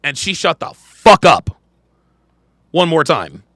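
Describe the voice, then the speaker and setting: A man's voice: a little high, big pitch swings, slow pace, fairly bright tone, no room sound. A man hosting a podcast, reacting to a clip in emphatic, profane commentary and repeating his points.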